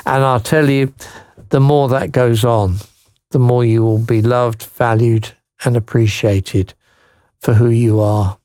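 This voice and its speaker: A man hosting Christian radio, gently reading a listener's letter, encouraging her with tag questions, and praying. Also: medium pitch, fairly even intonation, takes it slowly, no echo, clean studio sound.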